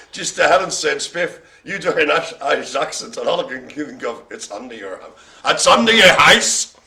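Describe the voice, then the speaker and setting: Brief: man in his own voice as a jokey bingo caller, bright and forceful, with a slightly higher voice than most men. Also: animated, a little slow, creaky. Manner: playful, teasing, theatrical asides. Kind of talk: jokey live online bingo calling.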